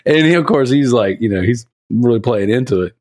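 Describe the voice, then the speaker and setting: A man's voice: medium pitch, brisk, no echo, clean studio sound. A man in his thirties hosting a podcast, telling funny stories in casual chat with a lot of laughter. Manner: animated, laughing storyteller. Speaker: podcast host.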